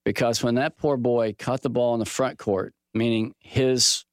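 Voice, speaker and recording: A middle-aged man teaching from the Bible in a relaxed, folksy way, mixing scripture with a personal sports story and lively quoted dialogue. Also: medium pitch, moderate pace, no echo, studio quality. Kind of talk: conversational Bible teaching with stories.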